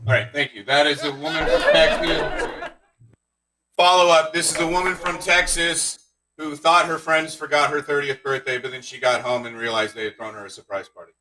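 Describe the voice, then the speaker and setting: Deadpan stand-up man, bright and distant. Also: fairly high pitch, moderate pace, a little hiss or hum. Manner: deadpan one-liners with awkward asides. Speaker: stand-up comedian. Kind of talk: stand-up set streamed live.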